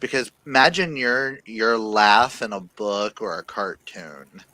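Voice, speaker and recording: A man chatting casually on a live stream, his voice rising and falling a lot as he talks. He breaks into loud, high laughs. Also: animated, a little slow, low-quality recording. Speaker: livestream co-host. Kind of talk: casual chat.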